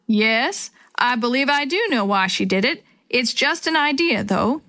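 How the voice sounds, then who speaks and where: A woman voicing a kindly, injured old male wrangler in a children's story, calm and reassuring. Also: a little high, measured pace, no room sound, exaggerated voice.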